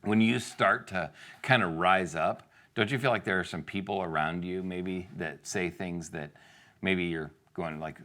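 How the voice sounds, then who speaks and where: Male pastor, very deep voice, casual sermon delivery, keeps asking the room questions. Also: moderate pace, a bit bright. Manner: conversational, asks the congregation rhetorical questions, acts out quotes.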